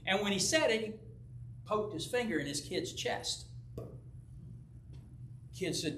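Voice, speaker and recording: An older pastor tells a story from the pulpit in a folksy way and acts out the voices of the people in it. His voice sits high and sounds bright. He is heard from a distance in an echoey church. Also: expressive, measured pace, pauses often, a little hiss or hum. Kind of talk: sermon with personal story. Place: church sanctuary.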